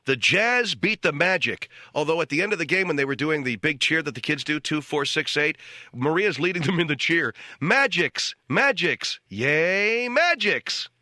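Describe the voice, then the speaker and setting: Middle-aged male radio comic, deadpan ranting monologue, bright tone, swings pitch a lot, dry studio sound. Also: fairly quick, no room sound. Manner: deadpan rant jumping to shouted quotes. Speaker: radio comedy host. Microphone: studio radio mic.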